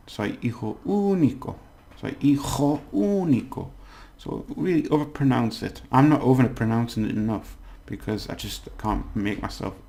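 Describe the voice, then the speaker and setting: Male tutor, casual and patient, slow delivery, gravelly tone, overpronounces example words. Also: mid-range voice, dark tone. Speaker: language teacher. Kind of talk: casual spoken language lesson.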